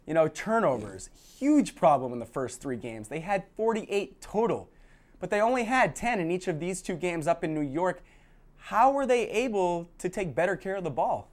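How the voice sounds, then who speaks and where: A man's voice: high-pitched, big pitch swings, normal speed. Young guy anchoring campus sports news, peppy, reads scores, tosses questions. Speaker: sports show host.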